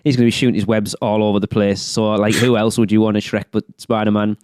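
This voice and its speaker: A man hosting a podcast, leading the game in animated casual chat. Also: fairly low pitch, fast, clear, resonant tone, no echo, clean studio sound. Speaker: podcast host.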